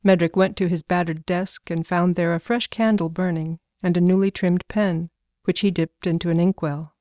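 Low, mellow woman narrating a story. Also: steady tone, normal speed, dry recording, studio quality.

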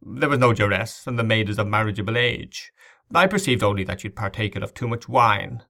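A man's voice: on the low side, lively intonation, a little fast, vocal fry, pushed and bright, heavily acted. A man playing a terrified, pompous old bishop in a storybook reading, crying out in fear.

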